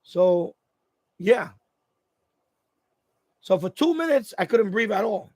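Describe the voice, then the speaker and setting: A man's voice: high voice, lively intonation, slow, a little mellow, no room sound. A man hosting a casual live stream from home, telling a story in a rambling way with many restarts. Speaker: radio hobby channel host. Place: at home, indoors.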